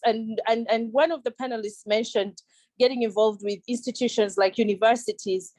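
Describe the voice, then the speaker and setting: Young woman, earnest and unhurried, recorded dry. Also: mid-range voice, a little mellow, dry recording, rough recording. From Uganda. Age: young adult. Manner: earnest, searching for words, restarts. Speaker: audience member asking a question. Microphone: video call.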